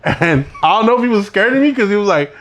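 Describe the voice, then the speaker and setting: A man's voice: high-pitched, animated, fast, a bit bright. A young man co-hosting a podcast, telling a school story in casual chat and acting out both sides of the dialogue. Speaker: podcast co-host.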